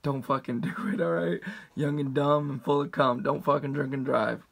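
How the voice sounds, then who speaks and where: A man's voice: steady tone, normal speed, gravelly, breathy edge. A man in his twenties casually telling a rambling, heavily profane story, with restarts and asides and quoted voices acted out. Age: 20s. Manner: acts out quotes with big pitch jumps. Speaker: storyteller vlogger.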